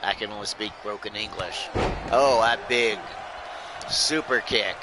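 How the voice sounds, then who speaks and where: A man hosts a live stream calling a video game wrestling match play-by-play in a casual style, often addressing the audience as folks and joking along the way. His voice is on the low side, his pace measured, with background noise present.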